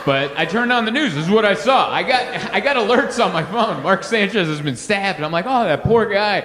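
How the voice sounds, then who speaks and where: A man doing a stand-up comedy set on a club stage, rambling and animated, acting out voices and sound effects. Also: sits high, fairly quick. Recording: live club sound, reverberant hall, audience noise.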